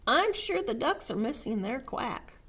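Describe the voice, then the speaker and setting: A calm, clever storybook horse, as a woman reading aloud puts him on. He speaks gently and reassuringly at a slow pace, and his pitch rises and falls a lot. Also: husky, exaggerated voice. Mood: amused.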